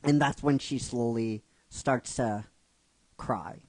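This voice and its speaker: A man retelling a fan-written story in an emotional storytelling recap, halting and restarting his phrases. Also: medium pitch, darkish tone, no echo, poor audio. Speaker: narrator retelling a fan script.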